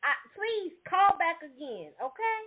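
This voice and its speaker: A woman's voice: very high voice, very animated, unhurried. A woman hosting a call-in talk show, politely thanking the caller and wrapping up the call. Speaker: show host. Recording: tinny online call audio.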